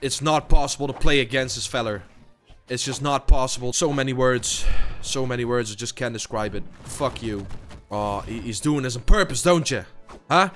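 A tired young man commentating his own gameplay, raging and swearing under his breath as he plays. English isn't his first language, and his pitch sits in an ordinary middle range. Faint game music runs behind him. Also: moderate pace, fairly bright tone. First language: not English. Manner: raging, swearing, muttering to himself. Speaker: gaming YouTuber.

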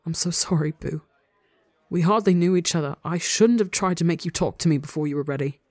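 A podcast reader voicing a gentle, loving young man who speaks softly and reassuringly to his partner. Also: mid-range voice, brisk, no echo, close to an everyday voice. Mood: tender. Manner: soft and reassuring.

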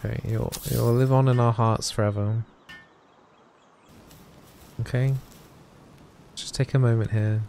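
A man's voice: mid-range voice, fairly even intonation, a little slow, creaky, pauses often, warm tone, a little hiss or hum. A man giving chatty, playful let's-play commentary with mock-solemn asides. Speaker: gaming YouTuber.

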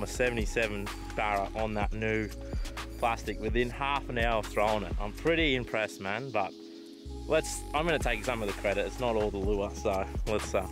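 An Australian man with a lowish voice talks his way through a fishing trip outdoors, excitable and quick to swear. He chats to the fish as he goes, and faint music plays underneath. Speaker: fishing vlogger. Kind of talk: casual running commentary.

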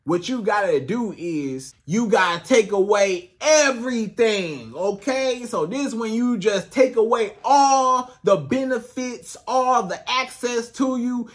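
A man's voice: extremely high pitch, expressive, takes it slowly, hardly any pauses. A man coaching on relationships in a casual, emphatic monologue straight to the viewer, repeating his points. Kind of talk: direct-to-camera advice monologue.

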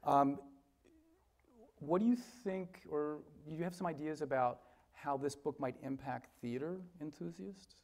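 A man hosting an author interview on a theater stage, asking measured questions and giving brief friendly replies. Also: fairly high pitch, a little mellow. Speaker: interview host. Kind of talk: onstage interview. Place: theater stage before a live audience.

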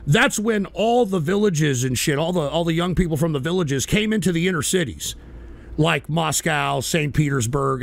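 An American man hosting a radio show, ranting about politics with heavy profanity and shouted bursts. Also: high-pitched. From United States. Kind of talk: angry political rant.

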